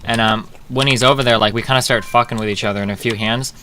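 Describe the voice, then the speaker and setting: Man, bright voice, casual profane storytelling, keyboard clicks behind. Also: medium pitch, fairly even intonation, fast talker, a little hiss or hum. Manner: profane, rambling, gets loud and laughing. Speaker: streamer.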